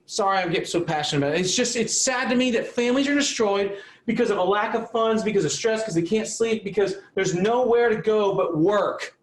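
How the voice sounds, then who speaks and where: A man's voice: high-pitched, a little fast, few pauses, reverberant, far from the mic, rough recording. A man coaching auto repair shop owners on a live online call. He talks in a fiery, blunt, motivational way with some mild swearing.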